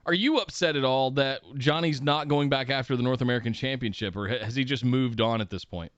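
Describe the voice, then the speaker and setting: A man co-hosts a casual wrestling podcast with quick, smooth speech, mostly chiming in with short replies. The recording is dry and lo-fi. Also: medium pitch, fairly bright tone, no room sound. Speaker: podcast co-host. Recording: dull lo-fi podcast audio.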